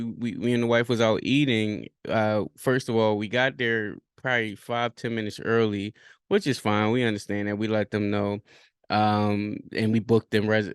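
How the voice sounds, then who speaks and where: A man talks through a reflective solo podcast, pausing on fillers and restarting sentences as he thinks aloud. His voice sits on the low side and comes across smooth and resonant. The sound is dry and close, with no room around it. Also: no echo. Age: 30s. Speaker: podcast host.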